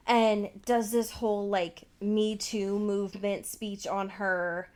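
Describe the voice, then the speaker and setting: A woman's voice: mid-range voice, fairly even intonation, a little slow, few pauses, darkish tone. A woman co-hosting a podcast, recapping a TV episode in a loose, casual chat full of swearing and fillers. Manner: loose, profane, full of fillers and acted-out quotes. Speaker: podcast co-host.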